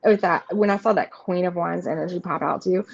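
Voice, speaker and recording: Chatty woman with a gravelly low voice. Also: steady tone, quick pace. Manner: chatty and rambling, many fillers and restarts; reassuring, speaks straight to viewers. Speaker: tarot reader hosting a live stream. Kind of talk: casual live card reading. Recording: slightly muffled stream audio with faint noise.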